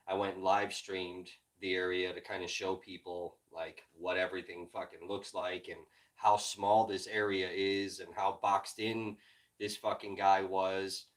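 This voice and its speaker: A man originally from Illinois, hosting a livestream and ranting in frustration, heavy with profanity and swinging from low muttering to loud outbursts. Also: rough recording. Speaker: livestream host and independent journalist.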